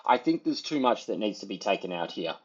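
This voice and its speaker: A man's voice: lowish voice, big pitch swings, fairly quick, husky, muffled recording. A man, giving casual, rambling market commentary as a trader, full of fillers and hedges. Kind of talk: casual market analysis over charts.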